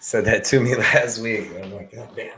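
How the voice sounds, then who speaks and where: A man with a picked-up Southern US accent, co-hosting a casual live stream and telling animated stories full of "like" and "man". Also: on the low side, normal speed, a little hiss or hum. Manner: animated, storytelling, lots of "like" and "man". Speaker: co-host.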